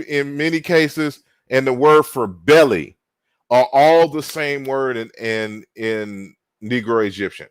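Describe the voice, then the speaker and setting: A man giving an online linguistics lecture, deliberate, spelling out words with frequent fillers and restarts. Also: medium pitch, no room sound.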